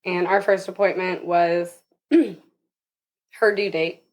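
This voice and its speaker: A woman's voice: lowish voice, flat delivery, slow. A young woman, a podcast guest, tells a personal story in casual interview talk, laughing often and acting out the voices of people she quotes.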